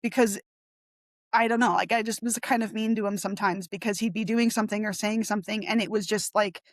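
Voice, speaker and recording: A woman's voice: fairly quick, no echo. A young woman telling a personal story as a podcast guest, rambling with lots of 'like' and acting out the voices she quotes. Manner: rambling, heavy use of 'like', animated retelling; acts out quoted voices with sharp pitch jumps. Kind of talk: candid conversational interview.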